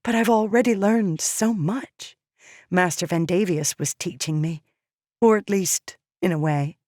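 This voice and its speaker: An earnest young slave girl, as a woman narrator voices her, timid yet determined and pleading. Her voice sits a little higher than the narrator's own. The sound is close and dry. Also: unhurried, darkish tone, no room sound, close to an everyday voice. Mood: eager. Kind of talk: audiobook character voice.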